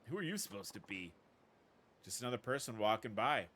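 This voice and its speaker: A man voicing a calm, steady male passerby who steps in to stop a harassment, speaking low and firmly. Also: a little fast, slight background noise.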